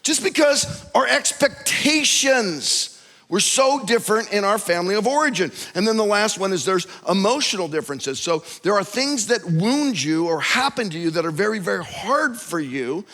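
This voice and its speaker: A man preaching a sermon with personal stories, telling them in an animated way and acting out the voices of the people in them. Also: high voice, normal speed. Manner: animated storytelling, acts out quoted voices. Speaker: pastor. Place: church auditorium. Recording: long hall reverb.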